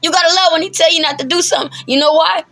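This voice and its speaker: A woman teaches scripture in an emphatic, preacherly way. Her voice sits high and sounds bright and forceful. She talks colloquially and laughs often between points. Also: steady tone, very fast. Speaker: bible teacher.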